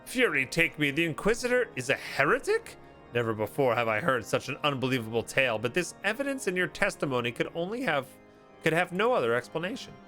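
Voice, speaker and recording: Man reading proud knight commander, formal and commanding, bright tone, low game music. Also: big pitch swings, fairly quick. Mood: stern. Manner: formal, commanding, archaic speech.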